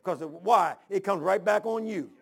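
A man's voice: sits high, normal speed, vocal fry, fairly bright tone, husky. A man preaching a folksy, storytelling sermon, repeating his phrases. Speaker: pastor.

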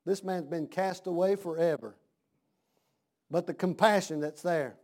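A man preaching a sermon, dropping to a hush and then rising to shouts with slow, drawn-out emphasis. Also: high-pitched.

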